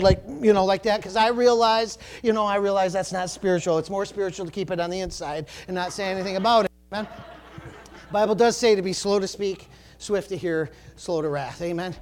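A male pastor preaching a sermon, swinging from low, quiet emphasis to fervent shouts and often saying praise the Lord. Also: a little fast. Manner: rising to fervent shouting when stirred, dropping low for emphasis; peppers talk with praise the Lord and glory to God.

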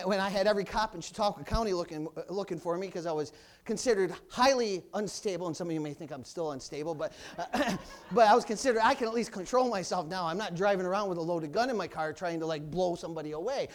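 A pastor with a strikingly high voice and fast delivery preaches a loud, fiery sermon in a church, breaking into cries of hallelujah and praise the Lord as he drives each point home.

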